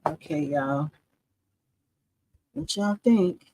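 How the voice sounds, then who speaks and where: A woman's voice: low voice, expressive, drawn-out words, warm tone, poor audio. A middle-aged woman hosting a casual live embroidery demo, chatting with viewers and laughing often. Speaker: embroidery livestream host.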